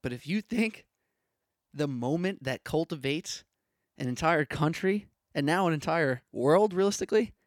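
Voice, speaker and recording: A man's voice: fairly high pitch, no room sound, studio quality. A young man hosting a solo sports podcast, ranting in a punchy, opinionated way with lots of rhetorical questions.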